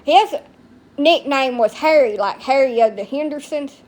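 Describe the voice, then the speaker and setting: A brash, crude-mouthed middle-aged woman with a high voice, chatting loosely on a live stream. She rambles from one thing to the next, quick to curse. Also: darkish tone. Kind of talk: casual live-stream chat.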